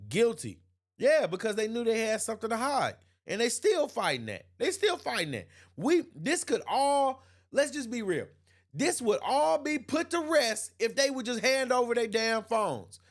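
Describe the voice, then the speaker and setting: Hosting an opinion livestream, a man reads viewers' chat comments out loud and responds emphatically, frequently repeating himself and laughing. His voice is very high-pitched with big swings in pitch, at a normal speed.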